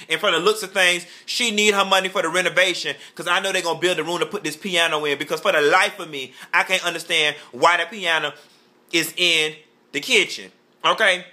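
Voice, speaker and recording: A man's voice: fairly high pitch, fairly even intonation, fairly quick, sharp tone. A man giving campy, sassy gossip commentary as a vlogger, drawling and calling the listener "honey" and "child" while throwing playful shade.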